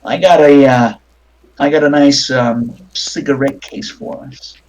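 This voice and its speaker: A man voicing a smooth-talking gangster with gold teeth in a tabletop game. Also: mid-range voice, steady tone, unhurried, darkish tone, close to an everyday voice, low-quality recording.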